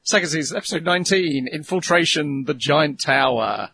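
A man's voice: on the high side, lively intonation, moderate pace, gravelly, sharp tone, slight background noise. A man hosting a casual podcast, introducing the next episode in a matter-of-fact way. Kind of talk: casual chat.

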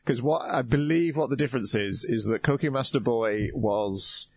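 A man on a podcast explaining things in a measured, casual way. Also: medium pitch, breathy edge. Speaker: podcast co-host. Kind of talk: casual chat.

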